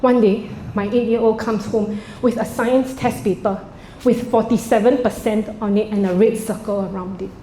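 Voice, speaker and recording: A woman doing a stand-up comedy set on stage before a live audience, theatrical in her delivery and prone to sudden high, loud outbursts. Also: fairly even intonation, normal speed, slight background noise. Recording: roomy stage sound, faint ambience.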